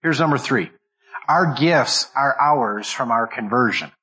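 A man's voice: medium pitch, unhurried, pushed and bright, rough recording. A man preaching a sermon as pastor, stressing each word and often repeating and restarting phrases as he goes. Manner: restarts and repeats words while thinking aloud.

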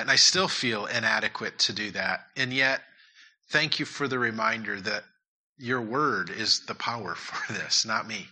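Bright-voiced earnest male pastor. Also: mid-range voice. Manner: earnest, repeats key points for emphasis. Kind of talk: sermon and prayer.

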